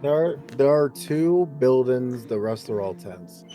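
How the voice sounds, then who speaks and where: A man answering questions as game master in an online tabletop game, in short, measured replies. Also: mid-range voice, expressive, over music. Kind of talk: casual chat on a live stream.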